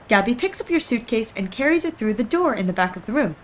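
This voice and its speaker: A woman's voice: on the high side, brisk, few pauses, a bit bright, slight background noise. A young adult woman streamer reading game text aloud and reacting in a playful way.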